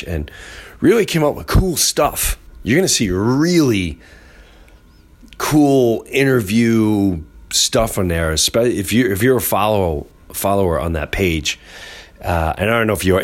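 Animated low-voiced man telling comic stories. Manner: animated, acts out other people's voices. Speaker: podcast host. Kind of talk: comic storytelling.

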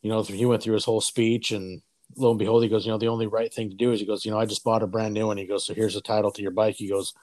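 A man's voice: lowish voice, level tone, very fast, darkish tone, dry recording. A man in his forties hosting a casual chat, telling stories in a loose, profane way and acting out the voices of people he quotes. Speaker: podcast host.

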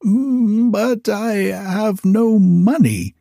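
A man voicing a slow, fretful old wizard. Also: high-pitched, creaky, mellow, no room sound, studio quality, pitched above the performer's own voice, heavily acted.

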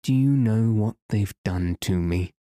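A man voicing a gloomy enchanted man in a storybook, with a hollow, sad, wailing manner and a low voice. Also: unhurried, warm tone, no echo, clean studio sound, natural voice. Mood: despairing.

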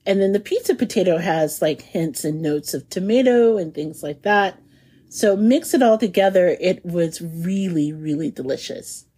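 A woman's voice: fairly low pitch, animated, normal speed, warm tone, husky. A woman hosting a food podcast, chatting casually and enthusiastically, laughing often as she savors her descriptions. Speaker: podcast host.

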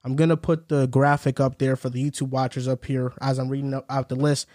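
A man's voice: medium pitch, little pitch movement, darkish tone, no echo, clean studio sound. A young man hosting a casual sports podcast, chatting with friends, telling a story through laughs and rattling off a ranked list. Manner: laughs while telling stories, reads lists quickly. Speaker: podcast host.

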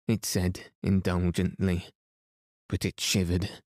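Calm guy reading bedtime stories real slow, low voice, dry close mic. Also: no echo. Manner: calm, soothing. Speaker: podcast host, reader. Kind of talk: slow bedtime story narration.

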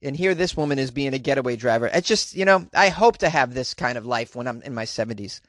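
A man's voice: medium pitch, expressive, fast, fairly bright tone, dry recording, clean studio sound. A man hosting a comedy podcast, talking in a rambling, self-deprecating way with lots of fillers. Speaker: podcast host. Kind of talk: casual comedic monologue.

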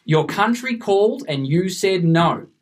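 A man's voice: high-pitched, animated, a little slow. Fired-up man ranting on a podcast. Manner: passionate, emphatic ranting. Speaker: podcast co-host. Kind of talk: casual cricket podcast chat.

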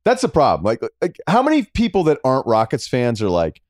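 A man's voice: fairly quick, dry recording, clean studio sound. A middle-aged man, a podcast guest, talking sports in a casual, sarcastic way. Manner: animated, sarcastic, jumping between high and low.

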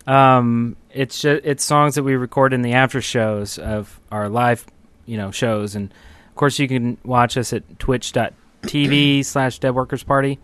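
A man's voice: mid-range voice, fairly even intonation, a little slow, fairly bright tone, clean tone, dry recording. A man co-hosting a casual podcast chat, talking at length in a chatty way. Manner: chatty, plugs the show. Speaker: podcast co-host.

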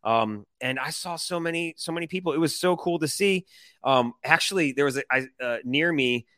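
A man from Detroit, podcast co-host, telling an excited, rambling story in casual chat with lots of fillers. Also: fairly high pitch, normal speed, no echo.

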